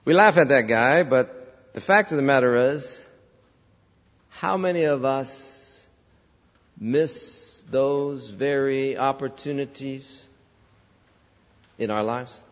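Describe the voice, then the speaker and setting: A man's voice: medium pitch, slow pace, long pauses. A man preaching a sermon, telling stories and asking the congregation rhetorical questions. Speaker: pastor. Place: large church sanctuary. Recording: dull lo-fi reverberant church recording.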